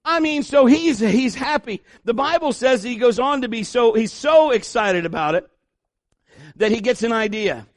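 A male pastor preaching a sermon in an animated, joking way, acting out the voices of the people he talks about. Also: very high-pitched, normal speed, no room sound, studio quality.

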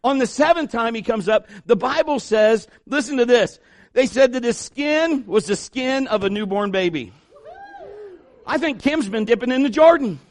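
A male pastor preaching a sermon in an animated, joking way, acting out the voices of the people he talks about. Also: very high voice, normal speed, dry recording.

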